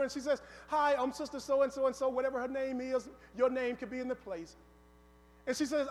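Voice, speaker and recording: A man with a very high voice preaches a story-driven sermon, calling out to the congregation and acting out the people in his story. His voice rings with a long reverb through a church sanctuary. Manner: call-and-response, acts out voices in the story.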